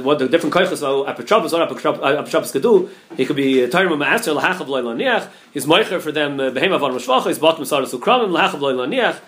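Man, rabbi, Talmud class, high voice, rapid-fire delivery, stumbles and repeats. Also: fairly bright tone. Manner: rapid, repeats words and restarts, mixes Hebrew and Yiddish terms into English. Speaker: rabbi teaching a daily Talmud page.

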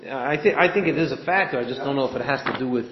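A man's voice: medium pitch, very fast, a crowd in the background. Man chanting Talmud in an echoey room. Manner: chanting text in singsong, thinking aloud. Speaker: study partner. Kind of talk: Talmud study discussion. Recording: echoey room, dull lo-fi sound.

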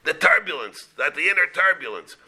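A man, a rabbi teaching a Talmud class, explaining in a halting way, often repeating words and mixing Hebrew and Aramaic terms into his English. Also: fairly high pitch, animated, pushed and bright, slightly rough.

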